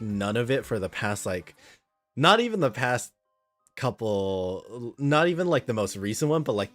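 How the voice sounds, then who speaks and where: A medium-pitched man chats casually with his audience while livestreaming a game. He's friendly and wanders from topic to topic, reading the chat out loud.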